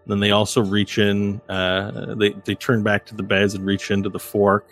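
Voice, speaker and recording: A man's voice: on the low side, flat delivery, normal speed, fairly bright tone, faint music behind. A man running a tabletop game as game master, describing scenes in a meandering way with many fillers.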